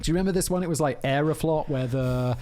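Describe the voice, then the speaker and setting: A man's voice: a little high, fast, darkish tone. A man hosting a podcast, telling a story in casual chat, rambling and laughing often. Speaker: podcast host.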